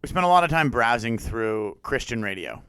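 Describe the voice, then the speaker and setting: A man's voice: medium pitch, fairly quick, smooth, dry recording. A man co-hosting a podcast in a studio, chatting casually and jokingly, slipping into mock radio-announcer bits. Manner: jokey, animated, slips into goofy radio-announcer voices. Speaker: podcast co-host. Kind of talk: casual chat.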